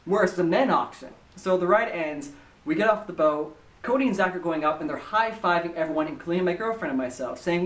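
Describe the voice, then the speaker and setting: A man with a fairly high voice tells a story in an animated, chatty way. His voice comes from a little way off the microphone. It bounces around an echoey room. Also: a little fast, distant mic. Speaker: listener sending in a story. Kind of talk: casual storytelling voice message. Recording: echoey room, voice away from the mic.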